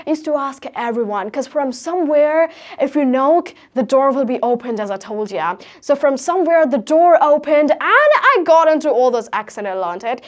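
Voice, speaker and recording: High-voiced Indian teenage girl. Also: normal speed, hardly any pauses. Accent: Indian English. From Haryana, India. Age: teens. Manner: energetic storytelling with rhetorical questions. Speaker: guest speaker. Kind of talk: motivational talk.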